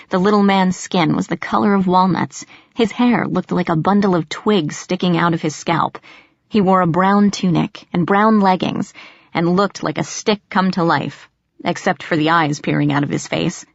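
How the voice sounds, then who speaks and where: A woman narrates a first-person story in a steady, measured audiobook style. Her voice sits a little low. The recording is dry and slightly dull. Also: vocal fry, no echo.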